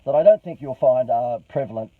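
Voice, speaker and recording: A man's voice: medium pitch, animated, brisk, dry recording, far from the mic, narrow, tinny audio. A man hosting a casual business marketing talk, rambling, joking and salesy.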